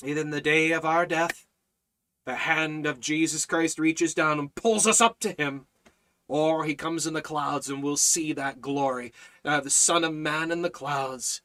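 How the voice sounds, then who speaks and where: A man teaching a Bible study in a fervent preaching style, repeating phrases in a steady cadence. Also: on the high side, a little slow.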